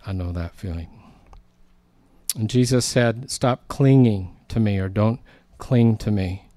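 A man's voice: fairly low pitch, measured pace, warm tone, no echo. A man preaching a sermon in a conversational, storytelling way, acting out quoted lines.

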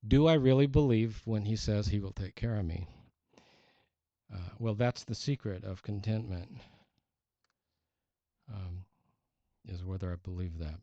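A man's voice: lowish voice, measured pace, pauses often, warm tone, no room sound, highs cut off. A man preaching a sermon in an earnest, emphatic way, reading scripture aloud.

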